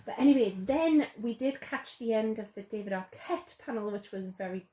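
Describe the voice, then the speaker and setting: A woman's voice: a little high, normal speed, warm tone. A young woman hosting a casual, enthusiastic chat that gushes and rambles. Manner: chatty and enthusiastic, gushing. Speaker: host. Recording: roomy echo.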